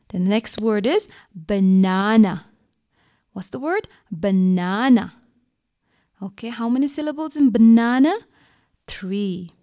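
A woman's voice: fairly high pitch, mellow. A woman teaching a radio lesson to young children, patient and coaxing, asking questions and answering them herself. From Bhutan.

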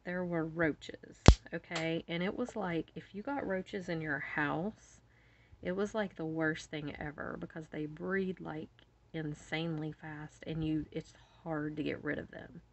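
Middle-aged craft vlogger, woman, lowish voice, animated and giggly storyteller, slightly muffled home recording. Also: unhurried. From West Virginia. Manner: animated storyteller, laughs often, acts out her own shrieks. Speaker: jewelry-making video host. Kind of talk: casual chatty storytelling while beading. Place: home bead room.

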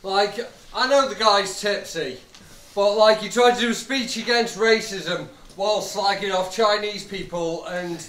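A man's voice: high voice, measured pace. A young man rapping cocky, insulting battle bars to a live crowd. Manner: cocky, insulting, punchline delivery. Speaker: battle rapper. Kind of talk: rap battle verses delivered to a live crowd. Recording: echoey venue with loud crowd.

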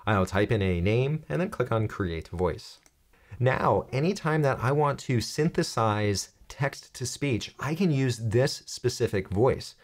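A young man hosting a software tutorial, explaining step by step in an upbeat, joking way. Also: mid-range voice. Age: young adult. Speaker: tech tutorial host. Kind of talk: screen-recorded software tutorial.

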